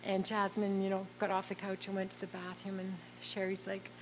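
A middle-aged woman, telling a heartfelt personal story in a halting, earnest way with frequent fillers. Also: mid-range voice, monotone, a little hiss or hum, poor audio. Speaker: interviewee.

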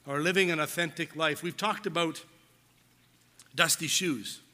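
Bright-voiced male pastor preaching. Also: a little high, steady tone, measured pace. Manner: earnest, storytelling with quoted voices. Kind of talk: sermon. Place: church hall. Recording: long church hall reverb.

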